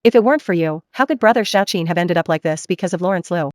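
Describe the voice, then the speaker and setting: A woman's voice: on the low side, lively intonation, quick pace, no room sound, natural voice. A woman voicing a scornful, scheming woman, dismissive and spiteful, in a dry booth. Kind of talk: dubbed drama acting.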